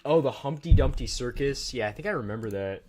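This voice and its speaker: A man's voice: medium pitch, animated, fairly quick, a little mellow, a little hiss or hum. A man hosting a livestream, chatting casually and joking as he rambles and talks to his chat. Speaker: livestream host.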